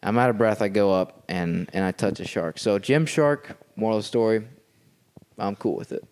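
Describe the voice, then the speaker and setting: A man's voice: on the low side, moderate pace, a little hiss or hum. A man guest on a podcast, telling a story in casual chat and checking in with his listeners as he goes. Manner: animated storyteller who keeps checking in with "okay?". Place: a house.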